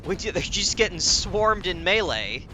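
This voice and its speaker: A man's voice: sits high, sing-song, unhurried, a little hiss or hum. A man streaming a video game, commenting casually and swearing as he gets frustrated. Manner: exasperated, swears often, reacts aloud to the game. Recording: loud game music in the background. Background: game music and sound effects.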